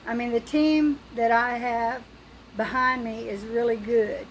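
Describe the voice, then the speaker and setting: An older woman speaks slowly in a personal video diary, her voice frightened and halting. She pauses often and restarts her sentences. A faint background noise sits under her voice. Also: fairly high pitch, steady tone, low-quality recording. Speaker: vlogger.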